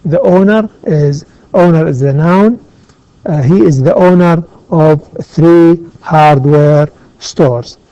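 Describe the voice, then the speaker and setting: A man teaching an English grammar lesson, slow and methodical, pausing often with "uh" and glossing words in Arabic. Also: fairly high pitch, dark tone, no echo. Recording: dull lo-fi sound.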